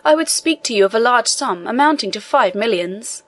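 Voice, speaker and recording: A woman's voice: fairly high pitch, lively intonation, normal speed, dry recording. A woman reading the lines of an elderly male prisoner priest who talks in an earnest, pressing way. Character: elderly male imprisoned priest, eager scholar.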